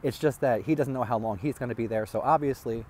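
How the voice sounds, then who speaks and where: A man telling a rambling personal story as a vlogger, halting and restarting as he talks. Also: medium pitch, a little mellow, a little hiss or hum.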